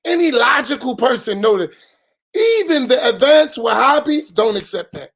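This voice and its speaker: A middle-aged imam, giving an emphatic post-dawn-prayer talk full of rhetorical questions and bursts of raised voice. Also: male voice, very high voice, very animated, normal speed, a bit bright. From United States.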